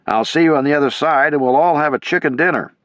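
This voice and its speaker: A man's voice: a little high, quick pace, no echo, pitched above the performer's own voice, natural voice. A man voicing an army major calling out confident orders, in audiobook narration. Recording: dull lo-fi.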